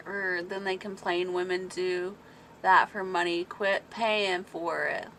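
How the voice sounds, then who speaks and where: A woman hosts a relaxed livestream in a bright, forward voice, talking at an easy, unhurried pace. She rambles through stories, answers her chat aloud and breaks into frequent laughter. A faint hum sits under her voice. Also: fairly low pitch. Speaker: livestream host reading viewer chat. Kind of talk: casual chat.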